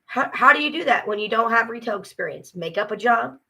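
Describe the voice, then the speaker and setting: A woman's voice: fairly high pitch, lively intonation, a little fast, creaky, bright, forceful tone, slightly rough. A tired woman ranting casually to camera, frustrated and swearing as she vents. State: exhausted. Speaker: vlogger. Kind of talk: casual vlog rant.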